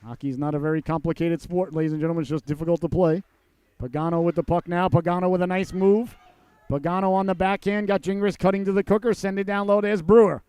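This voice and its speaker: Dry, high-voiced hockey play-by-play man. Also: steady tone, fast, clear, resonant tone, dry recording. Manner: folksy and joking, erupts into shouts on goals. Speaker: play-by-play commentator. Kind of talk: youth hockey play-by-play commentary.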